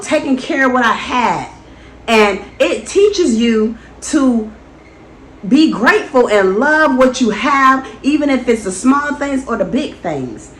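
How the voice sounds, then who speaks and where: A woman's voice: high voice, a bit bright. Earnest woman telling her testimony, echoey room. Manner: earnest, preachy, storytelling. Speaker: vlogger. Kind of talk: motivational personal testimony. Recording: echoey room, faint background noise.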